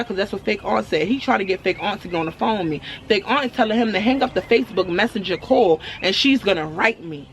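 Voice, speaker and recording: A woman telling a storytime to her viewers, blunt and animated. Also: medium pitch, fast, hardly any pauses, a little hiss or hum. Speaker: storytime vlogger. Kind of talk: casual storytelling to camera.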